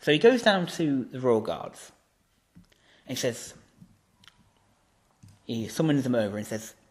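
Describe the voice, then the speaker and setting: A man's voice: medium pitch, big pitch swings, measured pace. A man improvising a fantasy story as co-host, rambling with many restarts and acting out the characters' lines. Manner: rambling, many restarts and "you know"s, acts out quotes.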